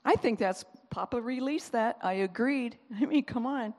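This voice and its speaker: A woman's voice: fairly high pitch, moderate pace, a little mellow. A woman giving a chatty personal faith testimony, laughing often and stopping to search for words. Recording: long reverb, as in a large hall.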